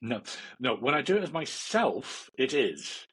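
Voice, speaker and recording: A man's voice: medium pitch, sing-song, measured pace, fairly bright tone, husky, poor audio. A man, a meditation teacher, chatting as a guest in a casual interview, rambling with fillers and often laughing. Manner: rambling, many fillers and restarts, laughs a lot.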